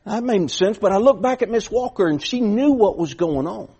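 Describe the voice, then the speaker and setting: A man's voice: high-pitched, expressive, normal speed, dark tone, breathy edge. A middle-aged man preaching a sermon, telling a folksy story with repeated starts that builds to emphatic points.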